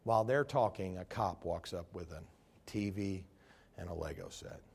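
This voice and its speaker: A man preaching a Baptist sermon, telling a story and swinging from hushed asides to loud, fervent points. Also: deep voice, normal speed, creaky, husky.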